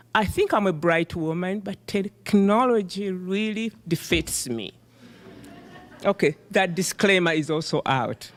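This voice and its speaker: A middle-aged woman who is not a native English speaker, giving an animated, emphatic conference keynote. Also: on the low side. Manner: animated, emphatic, self-deprecating. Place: conference hall. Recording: reverberant hall.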